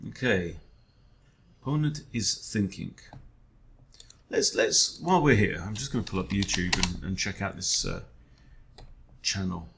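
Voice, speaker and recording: A man's voice: low-pitched, unhurried, gravelly, long pauses, a bit bright, slight background noise. A man, a chess coach, thinking aloud during an online game in a wry, self-deprecating way, often muttering to himself.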